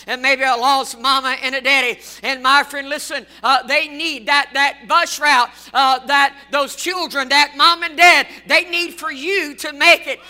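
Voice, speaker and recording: Preacher guy, high bright voice, fired up and repeating himself, folksy. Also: steady tone, a little slow, hardly any pauses. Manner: fervent, repetitive preaching with folksy asides. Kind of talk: sermon.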